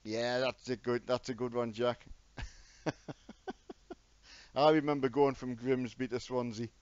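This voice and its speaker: A man's voice: medium pitch, steady tone, slow, clean tone, dry recording. A middle-aged man, chatting casually and self-mockingly to viewers by name while live-streaming a game. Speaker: gaming streamer. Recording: dull lo-fi with loud truck game noise.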